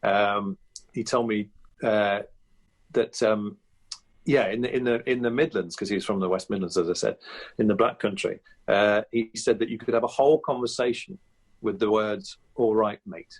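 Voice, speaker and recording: Man, husky voice, low pitch, podcast interview guest, chatty, many restarts. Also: fairly even intonation, normal speed. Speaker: guest impressionist.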